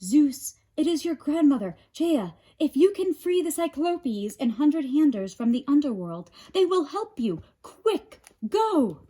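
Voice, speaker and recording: A woman's voice: high-pitched, very animated, measured pace, few pauses, warm tone, pitched above the performer's own voice. A woman doing an urgent grandmother earth goddess. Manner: urgent, commanding.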